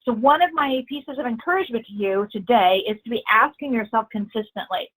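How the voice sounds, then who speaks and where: A woman with a fairly high voice leads a corporate training webinar. She talks in an emphatic, encouraging way and leans on her key phrases, repeating them. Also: a little fast, hardly any pauses, a bit bright, low-quality recording. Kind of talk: webinar presentation.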